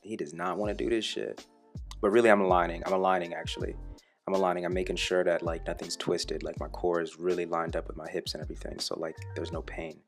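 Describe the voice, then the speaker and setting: Deep-voiced man, laid-back gym voice-over. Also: little pitch movement, fast talker, gravelly, faint music behind. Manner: laid-back, profane, jokes about himself in third person. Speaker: fitness vlogger. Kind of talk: casual voice-over commentary on own workout footage.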